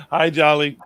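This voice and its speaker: Brash Boston-accented man hosting a stream, higher-pitched voice. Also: a bit bright, no room sound. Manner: brash, swearing, teasing. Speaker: stream host. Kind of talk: casual live-stream chat.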